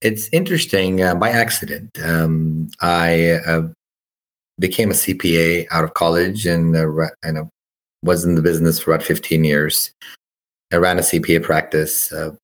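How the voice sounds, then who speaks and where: Relaxed low-voiced man as a guest. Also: normal speed. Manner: relaxed, many fillers and restarts. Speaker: podcast guest, business founder. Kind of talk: casual interview answer.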